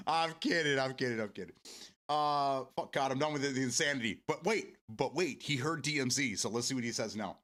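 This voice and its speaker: A game streamer chats casually with his viewers during a live stream, laughing often and swearing freely. His voice is mid-range and a bit bright.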